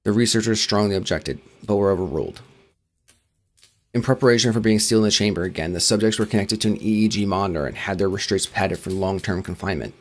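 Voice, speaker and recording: Brief: male host narrating a horror story, quick, low-pitched delivery. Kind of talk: dramatic creepypasta reading.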